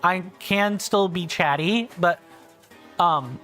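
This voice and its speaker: A man's voice: high voice, slow pace, a bit bright, faint music behind. A man from the American South with a Southern drawl, chatting and rambling in a self-deprecating way while commentating a game on a livestream. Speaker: game streamer.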